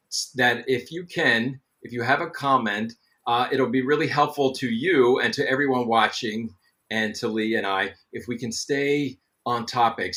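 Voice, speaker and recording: A man's voice: medium pitch, bright, forceful tone. A middle-aged man hosting a live webcast, chatting in a friendly way with many ums and greeting viewers by name. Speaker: show host. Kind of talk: live webcast host chat.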